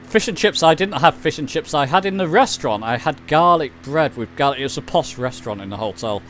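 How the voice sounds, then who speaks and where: Fairly high-pitched and fairly bright, this man's animated voice moves a little fast as he chats casually during a flight simulator stream, rambling and reading out chat. There's slight background noise.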